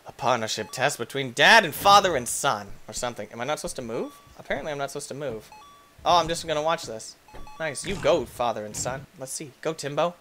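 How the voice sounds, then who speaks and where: A young man giving excitable let's-play commentary as a gaming YouTuber, yelping and shrieking when things go wrong. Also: medium pitch, brisk, faint music behind. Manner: excitable, yelps and shrieks at in-game deaths.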